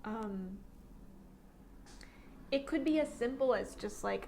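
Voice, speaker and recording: A woman's voice: medium pitch, unhurried, a little mellow. Female tarot reader, solo reading, musing delivery, near-whispered asides, frequent fillers. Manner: many fillers and restarts.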